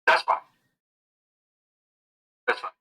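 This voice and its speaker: A man's voice: very slow, pushed and bright, rough recording. A man playing a tabletop game, asking careful questions about the rules. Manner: asks careful clarifying questions. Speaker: player. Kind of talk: casual tabletop game talk.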